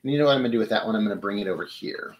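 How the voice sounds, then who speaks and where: A man's voice: fairly low pitch, racing, poor audio. A middle-aged man from Michigan hosting a live flower-arranging show, chatting to viewers as he works. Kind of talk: casual live demonstration.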